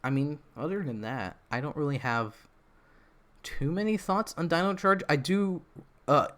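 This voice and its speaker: A man's voice: on the high side, normal speed, a bit bright. Rambling young man on a livestream. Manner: rambling, many fillers and restarts. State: throat feels off. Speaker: livestream host. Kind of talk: casual livestream commentary.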